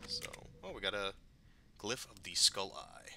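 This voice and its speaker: A man casually commenting on his gameplay, excitable and profane, rambling between curses. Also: low voice, a little slow, noisy background. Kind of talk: casual let's-play commentary.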